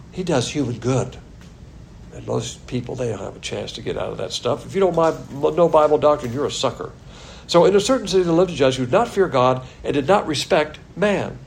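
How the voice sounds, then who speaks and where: A man's voice: medium pitch, vocal fry, darkish tone, slight background noise. A man teaching a Bible class in a blunt, sarcastic manner, with chuckling asides. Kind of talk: sermon.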